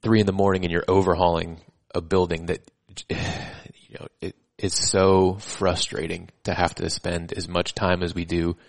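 A firefighter chats in a relaxed, earnest way and swears casually. His voice is very deep and gravelly. His pitch barely moves. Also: moderate pace, hardly any pauses. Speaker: podcast host, firefighter. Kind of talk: casual chat.

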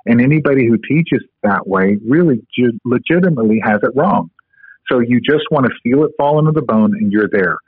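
A man's voice: medium pitch, animated, a little fast, breathy edge, dry recording. A man guest on a podcast interview, casually explaining a medical technique with frequent fillers. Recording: tinny phone-line audio, dry.

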